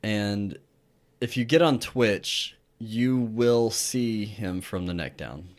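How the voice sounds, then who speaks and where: A man's voice: lowish voice, takes it slowly. A man co-hosting a podcast, telling a story in casual chat and swearing freely. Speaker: podcast co-host.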